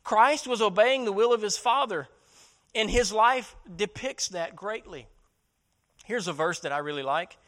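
A man's voice: sits high, expressive, measured pace, pushed and bright. A man preaching a sermon as pastor, asking rhetorical questions, repeating words as he restarts, and building to emphatic peaks.

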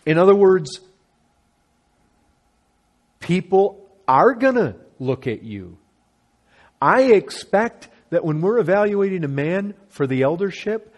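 Husky-voiced preacher with a lively delivery. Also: male voice, mid-range voice. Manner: earnest preaching, repeats phrases for emphasis, rising to stress points. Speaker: pastor. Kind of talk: sermon.

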